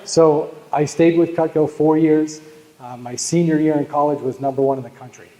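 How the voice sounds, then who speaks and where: On the high side with a warm, steady tone, a Boston man addresses a live audience at a moderate pace. His sales keynote leans on humor and storytelling, and he often calls out to listeners in a large, echoey hall.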